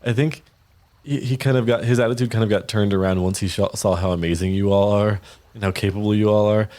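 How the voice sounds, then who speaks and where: A man's voice: on the low side, steady tone, fast talker, a little mellow. A man narrating as game master, chatty and laughing often. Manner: chatty, with frequent laughs and fillers.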